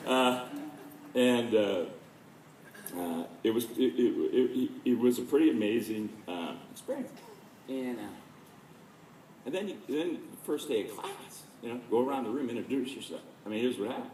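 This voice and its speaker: A man in his late fifties giving a storytelling speech at a dedication, lively and self-deprecating, acting out the people he quotes. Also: medium pitch, normal speed, a little hiss or hum. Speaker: speaker at a dedication. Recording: roomy, distant mic, faint ambience.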